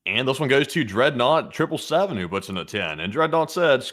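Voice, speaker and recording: A male co-host reading viewer super chats aloud on a live stream, in a mid-pitched, conversational voice. He chats casually about each message and often stumbles and corrects himself mid-sentence. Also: lively intonation, brisk, hardly any pauses, a bit bright. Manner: chatty, with stumbles and self-corrections.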